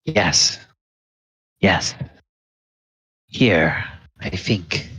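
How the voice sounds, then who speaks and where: A man's voice: deep voice, lively intonation, drawn-out words, a bit bright, slightly rough, no room sound, exaggerated voice. A man playing Mordenkainen, a smug old wizard. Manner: dry, condescending. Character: smug old male archwizard, calm and dismissive.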